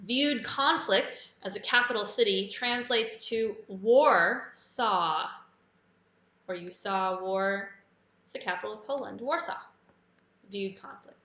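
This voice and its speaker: A woman hosting a live trivia quiz, with a bright, crisp voice. She walks through each answer in a relaxed, chatty way and drops in little personal asides. Her voice rings in a roomy, echoey space. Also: mid-range voice. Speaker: quiz host. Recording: echoey room.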